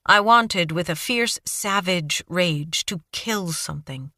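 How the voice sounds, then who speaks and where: A woman's voice: lowish voice, takes it slowly, sharp tone, no room sound. A woman narrating a first-person thriller audiobook in a tense, dramatic style with clipped phrasing, close to the mic.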